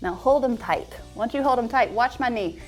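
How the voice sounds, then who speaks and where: A woman's voice: fairly high pitch, moderate pace, soft background music. A woman leading a yoga class, chatting and joking playfully as she guides the poses. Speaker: yoga instructor.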